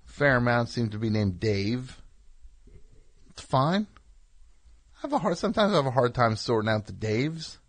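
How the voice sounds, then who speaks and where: A man's voice: mid-range voice, big pitch swings, moderate pace, long pauses. A middle-aged man hosting a call-in radio show, telling rambling, wry, self-deprecating stories and chatting with callers. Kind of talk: casual monologue and call-in chat.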